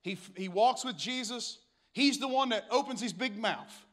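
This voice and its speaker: A male pastor preaching with a high, bright, ringing voice. He tells the story with dramatic swings, drifting down to a hush and then climbing to a shout. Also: normal speed. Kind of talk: sermon.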